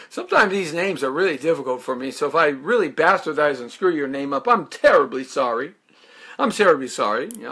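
A man in his fifties, a talk show host from Chicago raised in Southern California, talking in an animated, jokey, hype-man way. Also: a little high, breathy edge. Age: 50s. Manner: sings snatches and laughs at own jokes. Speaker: radio show host and real estate broker. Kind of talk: live-streamed radio talk show. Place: radio studio.

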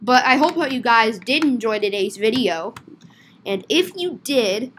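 A woman with a high, bright voice talks over her game footage in an excitable, rambling way. She breaks into sudden shouts, then settles back into an unhurried ramble. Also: a little hiss or hum. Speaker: game video creator. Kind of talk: casual game role-play commentary.

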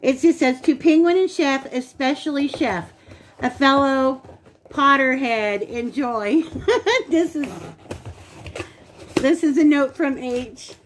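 A woman's voice: high-pitched, takes it slowly, a little hiss or hum. A woman co-hosting a casual unboxing vlog, gushing and talking straight to her viewers. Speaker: channel co-host.

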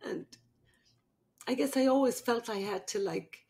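An older woman, a podcast host and midwife, speaking tenderly through tears in a halting, emotional heart-to-heart with her daughter. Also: a little high, vocal fry, a little mellow. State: crying.

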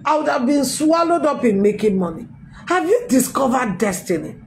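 A middle-aged woman pastor, telling her testimony in a sermon with emphatic, animated storytelling. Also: high-pitched, moderate pace, a little hiss or hum, poor audio. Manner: storytelling with acted quotes, emphatic swings. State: recovering from a tooth extraction.

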